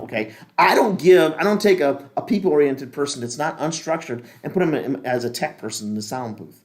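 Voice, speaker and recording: A middle-aged man, a pastor, teaching a leadership class in a casual, rambling, joking way with many restarts. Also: medium pitch.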